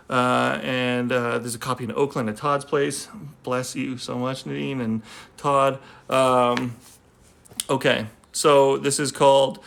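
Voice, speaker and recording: A poet with a mid-range, gravelly, fairly bright voice chats casually on a phone livestream from home, rambling and joking with plenty of fillers. Afterward he reads a poem aloud.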